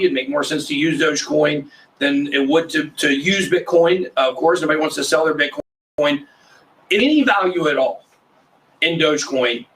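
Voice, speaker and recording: A man's voice: on the high side, a bit bright, far from the mic, slight background noise, poor audio. A man hosting a casual roundtable chat, asking questions and cracking pun jokes. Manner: jokey, interrupts with puns. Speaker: host.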